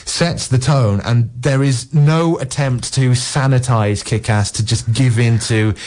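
A film reviewer on local radio, a man with a mid-range, darkish voice, speaks at a measured pace. He chats enthusiastically and at length about films in long run-on sentences.

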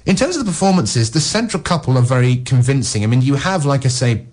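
A male film critic on a radio show, talking casually and at length, with frequent "you know" fillers and quick asides. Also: medium pitch, expressive, darkish tone. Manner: discursive, peppered with "you know" and "no"; acts out characters' lines in passing.

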